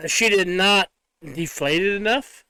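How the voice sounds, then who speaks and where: Man, high bright voice, smooth clear tone, crude jokes, casual chat. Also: slow, no echo. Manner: crude joking asides. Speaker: podcast co-host.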